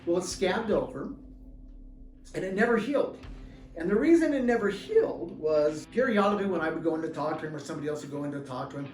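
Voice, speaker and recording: A middle-aged man, an author and former deputy, telling a personal story in an animated, chuckling way. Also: fairly high pitch, fast. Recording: roomy room, distant mic, faint music.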